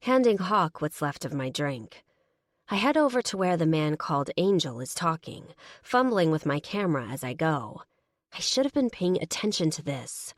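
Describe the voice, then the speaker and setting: A woman narrating an audiobook in the first person, measured and wry. Her voice sits a little low and the recording is dry and close, with no room sound. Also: dry recording.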